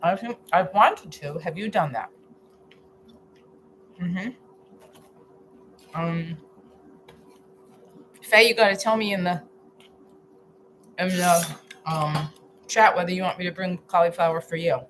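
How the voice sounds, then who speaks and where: A woman's voice: fairly low pitch, takes it slowly, long pauses, fairly bright tone, slight background noise, poor audio. A woman hosting a live cooking stream from her home kitchen, chatting casually and thinking aloud as she chops, with restarts and pleased hums as she tastes. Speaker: healthy-eating coach hosting a live stream.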